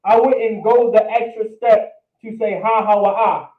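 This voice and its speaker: High-voiced man teaching in a roomy hall. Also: steady tone, measured pace. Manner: repetitive, checks in with "all right?". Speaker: language teacher. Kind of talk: classroom language lesson. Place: classroom or meeting room. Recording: roomy, distant, phone-like sound.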